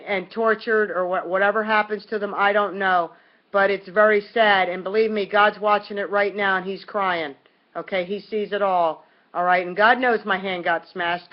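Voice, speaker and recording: A woman's voice: mid-range voice, lo-fi sound. A woman recording a casual video message at home, talking in a rambling, colloquial way with lots of fillers and restarts. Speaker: vlogger speaking to viewers.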